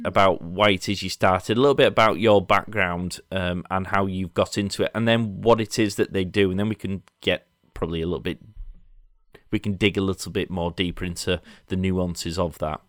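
A man's voice: deep voice, moderate pace, a bit bright, no room sound, studio quality. A man with a Yorkshire accent hosting a casual business podcast, chatty and rambling, laughing often. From Leeds, England. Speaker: podcast host. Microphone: remote online call.

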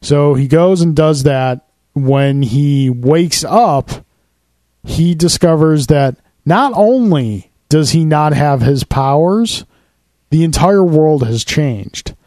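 A man's voice: fairly high pitch, expressive, dark tone, dry recording. A man co-hosting a casual podcast, chatting about comics and films and explaining story plots at length. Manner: talks fast, explains stories at length. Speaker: podcast co-host.

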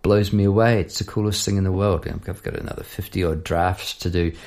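Gravelly-voiced New Zealand man hosting a podcast. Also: sits low, fairly quick. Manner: rambling, relaxed, with many restarts. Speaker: podcast host, songwriter. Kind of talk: casual podcast chat.

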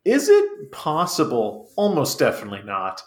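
A man's voice: mid-range voice, huge pitch swings, normal speed. Dry-humored man in an echoey room. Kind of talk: casual comedic chat.

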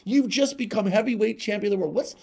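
A man's voice: very high-pitched, sing-song, unhurried, voice pushed up, heavily acted. A man voicing an old male sportscaster, asking insistent questions in a raised voice.

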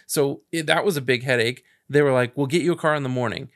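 A man's voice: medium pitch, fast talker. A man co-hosting a podcast in casual chat, retelling an anecdote and acting out both sides of the conversation. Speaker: podcast co-host.

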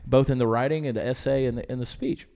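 A man from Georgia with a softened Southern accent, telling stories in a casual podcast chat into a studio mic. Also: medium pitch, creaky. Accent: muted Southern US. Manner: storytelling, animated, quick to laugh. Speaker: podcast guest. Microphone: studio microphone with headphones.

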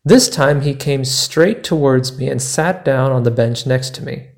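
A man tells his own travel story on his podcast, taking his time with every line. His delivery is measured and deliberate, at a mid pitch, shaped like a prepared narration. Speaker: podcast host.

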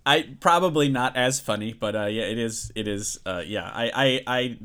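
A man's voice: medium pitch, pushed and bright, clear, resonant tone. Hesitant male podcast co-host. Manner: hesitant, halting, many restarts. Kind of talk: casual podcast chat.

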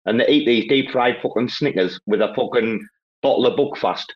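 A man from Northeast England with a Northeast English accent, telling loud, sweary stories in a casual chat. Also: medium pitch, moderate pace, muffled recording.

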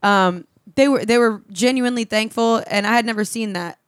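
A woman telling a work story on a podcast in a casual, profane, animated way, laughing often. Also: fairly high pitch, a little fast, no room sound, studio quality. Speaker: show regular and guest co-host. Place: podcast studio.

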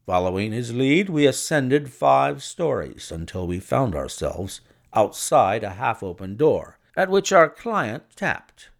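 Expressive male audiobook narrator. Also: mid-range voice, slow pace, gravelly, few pauses. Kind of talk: scripted narration.

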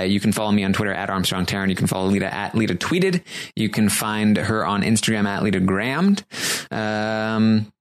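A man's voice: on the low side, smooth. Dry, offhand male podcast co-host. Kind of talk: casual chat.

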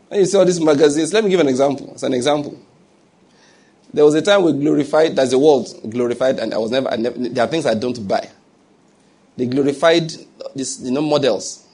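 A pastor with a fairly high, slightly mellow, husky voice preaches a sermon in a conversational way. He tosses in humorous asides and builds toward emphatic points.

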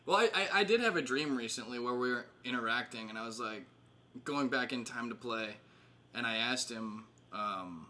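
A man's voice: mid-range voice, moderate pace, bright, forceful tone. A man in his thirties casually catching up with old friends, rambling with fillers and laughing often. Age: 30s. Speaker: host.

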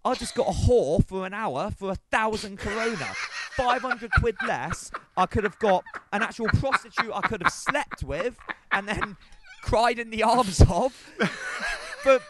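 A man's voice: sits high, animated, measured pace, very noisy. A man, telling a rambling story in a voicemail and laughing along. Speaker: voicemail caller. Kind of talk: casual storytelling.

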